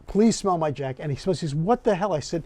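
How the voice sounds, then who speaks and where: Animated male podcast host telling a story. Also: on the high side, quick pace, dry recording. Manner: animated storyteller who acts out the dialogue. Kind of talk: casual chat.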